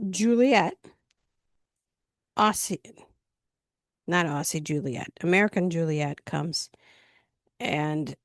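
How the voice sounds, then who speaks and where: A woman's voice: lowish voice, dry recording, studio quality. A woman casually recapping a reality TV episode, retelling the scenes in a chatty way with lots of fillers.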